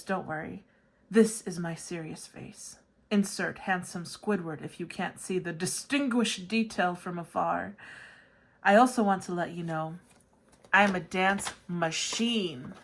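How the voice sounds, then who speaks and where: Playful goofy woman tarot reader. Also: fairly low pitch. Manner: playful, goofy, sing-song jokes. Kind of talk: channeled love letter reading.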